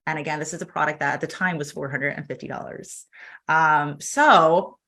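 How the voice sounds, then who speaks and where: A woman guest on an interview show, telling her story in a lively, chatty way and acting out the other people's lines as she goes. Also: sits low, moderate pace. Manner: animated, acts out quoted dialogue, laughs often. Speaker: podcast guest.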